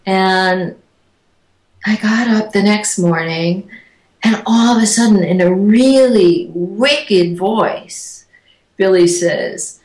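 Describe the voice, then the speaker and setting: A woman, an interview guest, telling personal stories in a casual, animated way and acting out the voices of the people she quotes. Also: mid-range voice, slow pace. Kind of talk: casual storytelling. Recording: echoey room.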